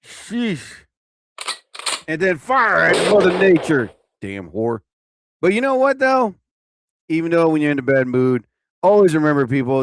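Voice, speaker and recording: A man's voice: on the high side, very animated, moderate pace, noisy background. A young man hosting a casual live-stream show, rambling and joking, swearing often as he fumbles with his sound effects. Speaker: host.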